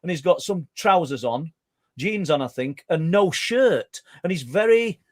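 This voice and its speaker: A man's voice: on the high side, unhurried, dry recording, clean studio sound. A middle-aged man with a Yorkshire accent, a guest telling a long story in conversation with many stumbling restarts. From Yorkshire, England. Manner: talkative, stumbling restarts, animated. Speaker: guest researcher.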